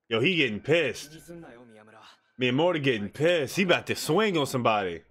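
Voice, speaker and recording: A man hosting an anime reaction channel, talking in slangy, excitable casual commentary and laughing often. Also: a little high, moderate pace.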